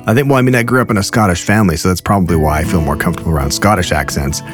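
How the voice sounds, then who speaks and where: A man's voice: low-pitched, very fast. A man in his forties hosting a podcast, rambling and self-deprecating, cheering on his guest and reading an ad in casual chat, with music underneath. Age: 40s. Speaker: podcast host.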